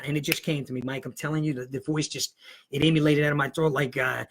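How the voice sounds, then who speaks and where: A fifties-aged man guesting on a podcast spins a rambling, funny tale at a quick pace, his pitch fairly high. He animatedly impersonates the voices of the people in the story.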